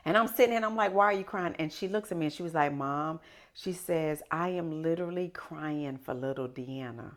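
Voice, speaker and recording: Low-voiced woman telling her story. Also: brisk. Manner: animated, emphatic storyteller. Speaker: podcast guest. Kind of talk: casual conversational storytelling.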